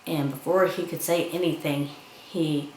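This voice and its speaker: A woman's voice: low voice, fairly even intonation, measured pace, a little mellow, echoey room, slight background noise, low-quality recording. A woman giving a casual film review, chattily retelling scenes and acting out the characters' lines.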